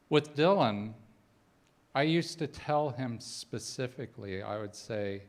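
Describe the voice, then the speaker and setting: A man's voice: mid-range voice, unhurried. A middle-aged man giving a personal, conversational sermon, mixing heartfelt reflection with humorous stories from fatherhood. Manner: conversational storytelling with humorous asides. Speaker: spiritual speaker.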